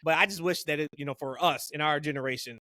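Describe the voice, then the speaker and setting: A man's voice: fairly high pitch, fast talker, sharp tone, dry recording, studio quality. A man co-hosting a podcast, chatting casually and rambling with lots of "like" and "you know". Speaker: podcast co-host. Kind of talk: casual chat.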